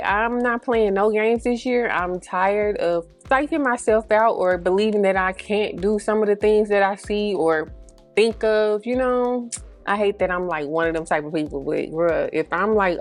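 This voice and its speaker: Thirties woman beauty vlogger, mid-pitched, casual and rambling, bit breathy. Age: 30s. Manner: chatty, slangy, rambling asides; a little breathy, holds breath mid-sentence. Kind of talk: casual get-ready-with-me chat.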